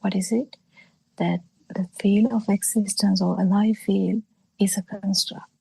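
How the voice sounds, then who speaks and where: A woman giving a Buddhist teaching over a video call, halting, with many pauses and fillers, often falling into soft breathy half-whispers. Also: mid-range voice, fairly even intonation, no room sound, rough recording. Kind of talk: slow spoken dharma talk on a video call.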